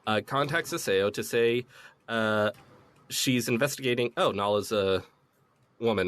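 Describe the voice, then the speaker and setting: A man's voice: fairly low pitch, fairly bright tone. Laid-back man recapping a game. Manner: laid-back, swears, retells scenes with quick put-on quotes. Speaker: podcast host recapping a game. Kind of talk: casual chat.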